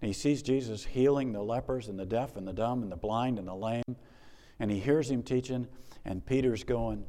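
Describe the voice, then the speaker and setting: A male pastor preaching a sermon in an animated, conversational way, with emphatic repetition and joking asides. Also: medium pitch, moderate pace, long reverb tail.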